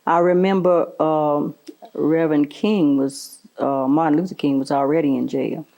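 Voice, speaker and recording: An older woman from the American South speaks in a low voice with gravelly fry. Her tone is dark and mellow as she earnestly answers questions in an oral history interview, often affirming with brief repeated replies. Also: steady tone, normal speed.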